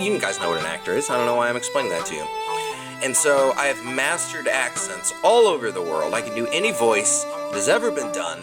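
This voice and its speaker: Animated, joking man hosting. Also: mid-range voice, fairly quick, over loud music. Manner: animated, joking, self-deprecating. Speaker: podcast host. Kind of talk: casual solo podcast chat.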